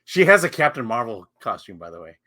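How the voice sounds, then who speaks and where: A man's voice: medium pitch, big pitch swings, fast talker, pushed and bright. A man co-hosting a casual film review chat, laughing often and teasing his partner.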